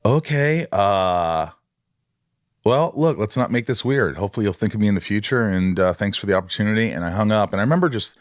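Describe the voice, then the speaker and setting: A middle-aged man with a very low, deep voice recounts a story in a casual interview, slipping into quoted voices with real animation. The sound is dry and close, with no room around it. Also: brisk, no echo. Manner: animated, acts out quoted dialogue. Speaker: podcast host.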